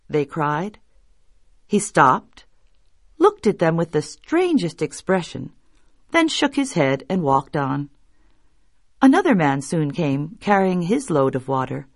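A woman reading folktales aloud as a storyteller, measured and expressive. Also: low voice, dry recording, clean studio sound. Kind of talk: scripted narration of folktales.

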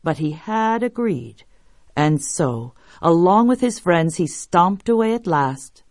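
Woman storyteller, slow, lively pitch, dry close sound, lowish voice. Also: no echo. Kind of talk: scripted narration of folktales.

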